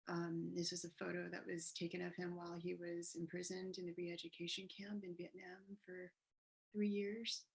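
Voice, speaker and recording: A woman artist speaking on a video call panel, soft and halting, with many pauses and fillers, growing emotional as she talks. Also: on the low side, gravelly, low-quality recording. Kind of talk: casual panel talk. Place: downtown apartment with street noise.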